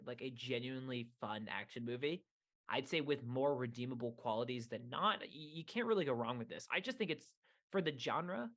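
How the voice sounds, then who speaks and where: A young man co-hosting a casual film podcast, animated and self-mocking, laughing easily. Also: a little high. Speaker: podcast co-host.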